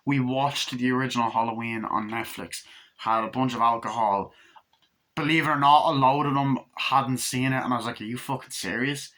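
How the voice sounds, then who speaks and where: A man giving a casual, rambling movie review, swearing often and acting out scenes in quick put-on voices. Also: medium pitch. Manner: excited, rambling, swears a lot, acts out scenes.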